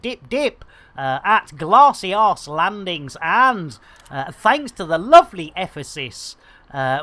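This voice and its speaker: A man chatting while streaming a game, rambling and joking with slang, giving lively shout-outs to his viewers. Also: high-pitched. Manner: chatty, jokey, rambling, full of British slang. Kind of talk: live-stream game commentary.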